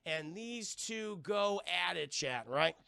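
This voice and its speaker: Rich: An excitable man reviewing a film live for his chat, swearing freely and acting out the scenes. His voice is gravelly and bright, and it swings widely in pitch. The sound is dry and close. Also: slow pace, dry recording. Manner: excitable, profane, acts out scenes.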